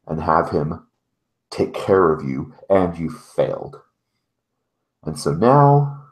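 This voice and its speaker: A man playing a menacing young man in a tabletop game, with a very deep voice that turns slow and clipped as he lays out threats. He sounds cold and in full control. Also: creaky, a little mellow, exaggerated voice.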